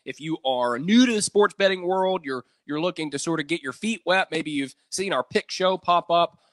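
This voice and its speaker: A man co-hosting a live sports talk show, reading ad spots and giving confident, animated takes on the team. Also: on the high side, moderate pace, no echo. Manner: animated, confident opinions, reads ad copy smoothly.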